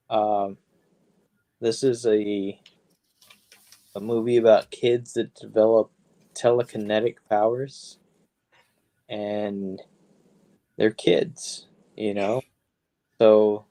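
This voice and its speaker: Talking films on a podcast he co-hosts, a man with a mellow, medium-pitched voice rambles in an easygoing manner and swears freely.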